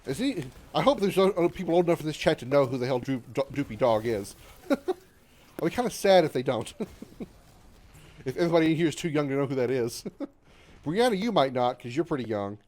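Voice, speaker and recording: A man's voice: a little high, animated, a little fast, long pauses, a little mellow. A man in his thirties livestreaming a video game, chatting casually with his viewers, joking and swearing while he plays. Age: 30s. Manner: chatty, profane, reads chat aloud, frequent fillers. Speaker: gaming livestreamer. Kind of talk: casual live-stream chat while gaming.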